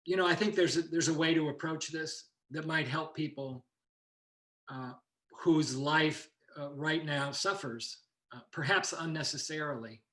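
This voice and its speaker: A male teacher with a fairly high voice gives an informal lecture, wandering between points and restarting his sentences. His voice rings in an echoey room. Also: a little slow, fairly bright tone. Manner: loose, digressive, with many restarts. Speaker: ki and meditation teacher.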